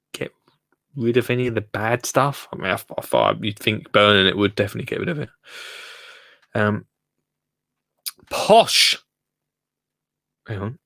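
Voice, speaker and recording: A man's voice: mid-range voice, pushed and bright, no room sound, clean studio sound. A young man with an Essex accent hosting a gardening phone-in live stream, chatty and self-deprecating, rambling with lots of fillers. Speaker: gardening livestream host. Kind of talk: casual live-stream chat. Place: home in Essex, reading comments live.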